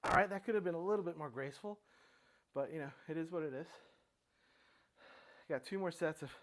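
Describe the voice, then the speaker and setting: A middle-aged man narrates his home exercise routine in a casual, halting way, often restarting his sentences. He gets winded between sets, and his speaking voice sits slightly higher than most men's. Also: fairly bright tone. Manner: halting, talks himself through exercises with many restarts. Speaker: fitness vlogger. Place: home room with his dogs.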